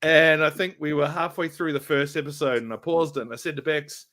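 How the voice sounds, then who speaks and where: Bright jokey New Zealand man. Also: fairly high pitch, brisk, few pauses. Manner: jokey, rambling, laughs often. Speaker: guest. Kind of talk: casual chat.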